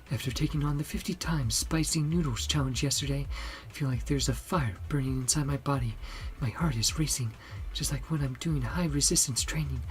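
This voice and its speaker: A man's voice: a little high, voice pushed up, close to an everyday voice. A man voicing an eager, earnest young male fitness trainee.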